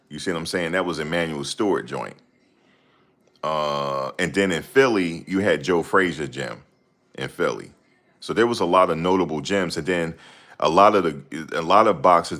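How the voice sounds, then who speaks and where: A man's voice: low-pitched, moderate pace, fairly bright tone. A man in casual chat, talking in a slangy, rambling way and often searching for names. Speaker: host.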